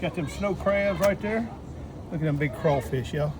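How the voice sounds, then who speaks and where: A man's voice: fairly high pitch, normal speed. A man, talking viewers through a crawfish boil outdoors in a folksy, step-by-step way. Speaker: cook showing a crawfish boil. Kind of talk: casual cooking demonstration. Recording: loud outdoor noise.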